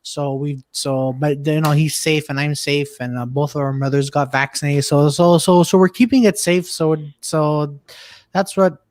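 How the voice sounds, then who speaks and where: A man's voice: a little high, fairly even intonation, normal speed, darkish tone. A man in a casual video call chat, rambling with many fillers. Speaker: co-host.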